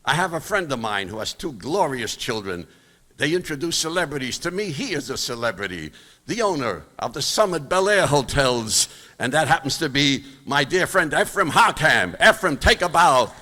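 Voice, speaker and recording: In a sing-song voice that's bright and forceful, an older Brooklyn, New York comedian tells jokes at a moderate pace in punchy bursts with wide swings of pitch. His stand-up storytelling fills a large high school auditorium, which rings with long reverb.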